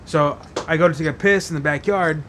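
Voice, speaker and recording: A man's voice: on the high side, a little fast, a bit bright, slight background noise. A man hosting a podcast, telling a story casually while rambling and swearing heavily, with lots of fillers. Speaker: podcast host.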